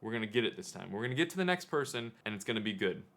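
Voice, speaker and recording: A man vlogging, telling a self-deprecating story in an animated, casual way. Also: fairly low pitch. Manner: animated, self-deprecating, quick to act out scenes.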